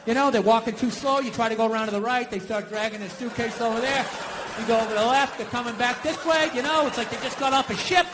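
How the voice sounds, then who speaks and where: A man doing a stand-up comedy routine, ranting with profanity in an exasperated, animated way. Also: very high-pitched, fast, background noise.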